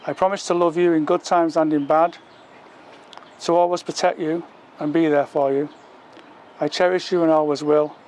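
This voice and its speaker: A man's voice: fairly high pitch, fairly even intonation, moderate pace, a little mellow, slight background noise. A man, the groom, earnestly reading his wedding vows from a page outdoors in a park.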